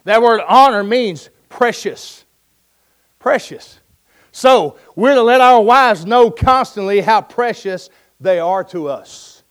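A man's voice: high-pitched, animated, slow pace, smooth. A man preaching a sermon, urging his listeners with emphatic, folksy storytelling and jokes.

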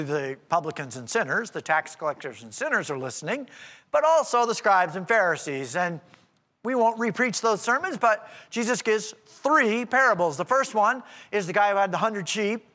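Lively, bright-voiced male preacher in a reverberant hall. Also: high voice. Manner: conversational, explaining with rhetorical asides. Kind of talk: expository sermon.

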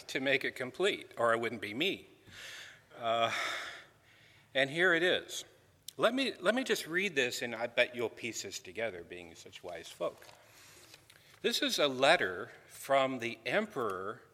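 A man's voice: medium pitch, pushed and bright. A man giving a scripture lecture in a conversational, wry way, often restarting his sentences. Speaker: Bible lecturer. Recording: long hall reverb.

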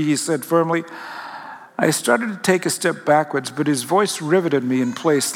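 A man telling a reflective first-person story in a musing, halting way, often correcting himself. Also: on the high side. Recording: long hall reverb.

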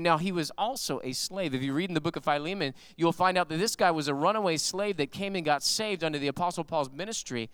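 A male pastor preaching a sermon, animated and conversational, telling stories with emphatic rises in his voice. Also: sits high, quick pace, few pauses, clean tone, dry recording.

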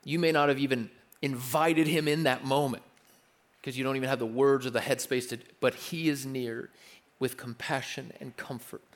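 A man's voice: medium pitch, fairly even intonation, normal speed. A young adult man preaching a sermon in an earnest, conversational way, repeating his key phrases and restarting his sentences. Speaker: pastor.

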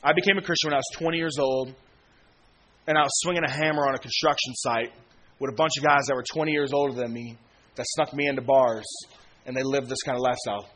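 Bright-voiced casual preacher man. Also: medium pitch, steady tone, fast. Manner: casual, slangy, acts out quoted friends with laughs. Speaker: pastor. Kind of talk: sermon.

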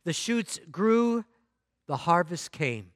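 Male pastor, expressive storyteller, high bright voice, close and dry. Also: slow, no echo. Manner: expressive storyteller, repeats words when restarting. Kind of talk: sermon with storytelling. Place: church.

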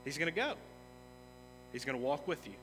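A man's voice: on the high side, very animated, a little fast, fairly bright tone, slight background noise. A man preaching a sermon as a pastor, earnest and emphatic, building intensity in places. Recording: long reverb of a large hall with music.

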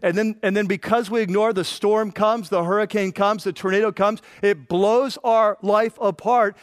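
A man preaching a sermon, reading scripture and acting out the voices in it with lively emphasis. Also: high voice, normal speed, hardly any pauses, clean tone, no room sound, studio quality. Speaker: pastor.

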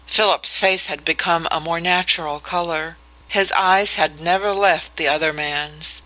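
An audiobook narrator reading a novel in a measured, even way. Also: medium pitch, poor audio. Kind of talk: scripted narration.

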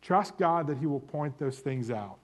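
A man in his forties with a slightly high voice, speaking in the manner of a sermon to a room full of people. He tells stories about himself frankly and makes fun of himself along the way, then turns them into a challenge for his listeners. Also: lively intonation, moderate pace. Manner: candid, self-deprecating storytelling with humor. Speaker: church marriage ministry speaker. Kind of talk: sermon-style talk to a live audience.

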